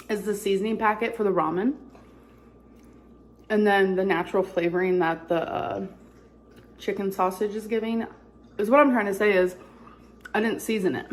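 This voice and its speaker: A woman's voice: medium pitch, moderate pace, long pauses. A woman vlogger with a stuffy nose, chatting casually between bites of food and breathing a little heavily. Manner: chatty, rambling, chewing between remarks. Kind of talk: casual mukbang chat while eating.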